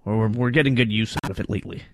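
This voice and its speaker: A man co-hosting a radio sports talk show, who gets worked up and climbs in pitch when riled. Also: very fast, no room sound.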